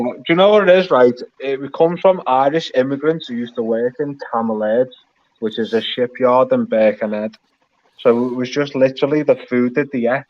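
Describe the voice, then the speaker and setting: A Liverpool man with a broad Scouse accent talks bluntly, punctuating points with swearing and emphatic asides. His voice sits at an ordinary pitch, heard through dull, lo-fi stream audio. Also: darkish tone. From Liverpool, England. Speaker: guest on a live stream. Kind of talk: casual heated chat.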